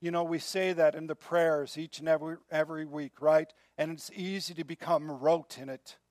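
A man preaching a sermon in an earnest way, often dropping to a soft, quiet voice. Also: a little high, level tone, moderate pace, no echo, studio quality. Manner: earnest, drops to soft quiet tones when moved. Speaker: pastor.

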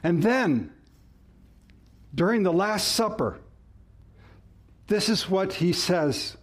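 A man's voice: high-pitched, lively intonation, slow. A male pastor preaching a sermon, rising and falling sharply for emphasis and asking the congregation questions.

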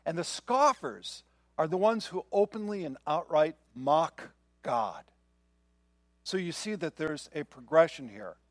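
A man's voice: a little high, expressive, measured pace, no room sound, clean studio sound. An older man preaching a sermon in a conversational way, often checking in with the listeners. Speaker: pastor.

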